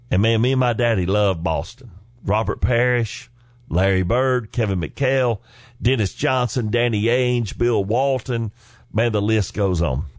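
A man in his forties, hosting a podcast, telling personal family stories in a folksy, animated way with chuckles along the way. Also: lowish voice, dry recording. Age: 40s. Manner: folksy, animated storyteller who chuckles between lines. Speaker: podcast host. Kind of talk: personal storytelling.

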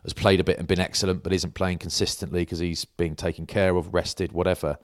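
A man's voice: low voice, level tone, brisk, no echo, clean studio sound. A man co-hosting a casual sports podcast, chatty and jokey, often teasing. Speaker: podcast co-host.

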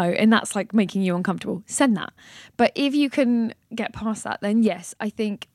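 A woman talking as a podcast guest, passionate and animated, swearing and laughing as she goes. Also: on the high side, moderate pace, no echo, studio quality. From Britain. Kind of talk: casual chat.

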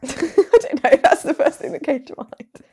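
A woman's voice: high-pitched, steady tone, normal speed, gravelly, a little mellow. A woman in her twenties co-hosting a casual podcast, chatty and teasing, laughing often. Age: 20s. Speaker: podcast co-host. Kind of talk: casual podcast chat, quickfire quiz.

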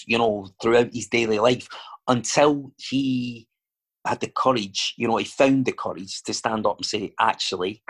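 A Scottish man chatting casually as a guest, telling stories and wandering off into digressions with lots of fillers. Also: mid-range voice. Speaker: actor and filmmaker guest. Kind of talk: casual chat.

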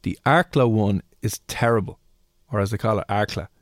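A man's voice: fairly low pitch, fairly quick, no room sound, studio quality. A young Irish man hosting a radio show, chatting casually and teasing his co-host. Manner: teasing, playful, animated. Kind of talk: casual chat.

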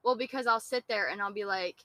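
A woman's voice: medium pitch, fast talker, fairly bright tone. A young woman on a casual podcast, telling a heated story with lots of "like" and restarts. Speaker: podcast guest, host's girlfriend.

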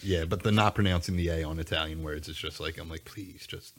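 A man's voice: rumbling low, steady tone, fairly quick. A young man chatting casually as a podcast co-host, telling stories in a laid-back, profane way. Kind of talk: casual chat.

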